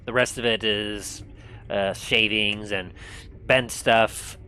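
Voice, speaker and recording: A man narrating as game master of a tabletop role-playing game, setting scenes in an unhurried, descriptive way. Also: lowish voice, steady tone, sharp tone, a little hiss or hum.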